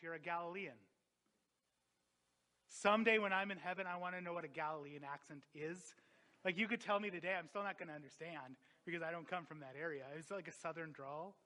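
A man preaching a sermon as a pastor, impassioned, swinging from loud emphatic peaks to quiet reflective drops. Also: sits high.

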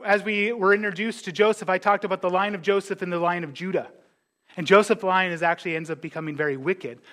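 A high-pitched man preaching a sermon as pastor. He talks in a lively, conversational way, acts out what the characters say, and drops in casual asides. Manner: animated, acts out biblical characters' words.

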